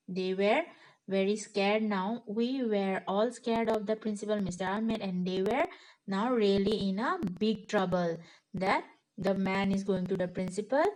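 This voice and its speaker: A woman's voice: medium pitch, darkish tone, low-quality recording. A woman teacher, reading a story aloud to a class and then retelling each sentence in simple words. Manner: unhurried, patient classroom explaining with frequent restarts. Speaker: schoolteacher.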